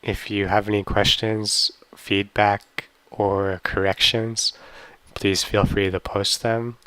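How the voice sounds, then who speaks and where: A young man teaching an online language lesson, drilling practice questions slowly and carefully with frequent ums. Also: on the low side, flat delivery, bright, forceful tone, smooth, no room sound.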